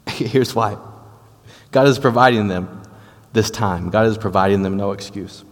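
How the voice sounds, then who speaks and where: Low-voiced southern preacher in a hall. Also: male voice, unhurried. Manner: conversational, explanatory, frequent restarts. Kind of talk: sermon-style Bible teaching.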